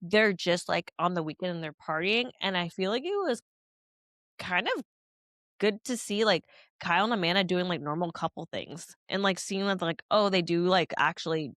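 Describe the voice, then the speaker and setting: A woman's voice: lowish voice, moderate pace, a bit bright, dry recording. Young woman, podcast co-host, chatty and giggly, dry close sound. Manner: chatty, lots of likes and laughs. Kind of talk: casual chat.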